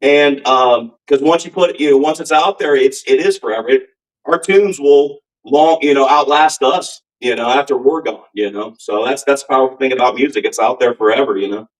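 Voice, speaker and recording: A man's voice: mid-range voice, a little fast, distant mic, rough recording. A man who sings in a rock band, telling stories in a casual interview in an earnest, rambling way with many fillers. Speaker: band singer, guest.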